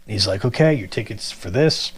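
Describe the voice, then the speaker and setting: Man telling a story in low voice. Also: moderate pace, slight background noise. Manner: animated, acts out quoted people. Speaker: guest telling his story. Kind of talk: casual storytelling.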